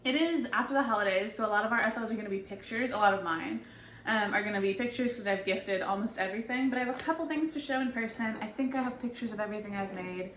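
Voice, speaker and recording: Bright, playful woman podcast co-host. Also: mid-range voice, fast, slight background noise. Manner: playful, joking. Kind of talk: casual chat. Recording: roomy home recording.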